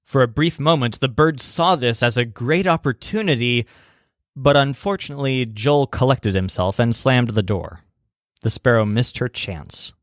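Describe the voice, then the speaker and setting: A man's voice: mid-range voice, no echo, clean studio sound. Man narrating a language lesson. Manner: slows down to spell out foreign words and stresses. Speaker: language teacher.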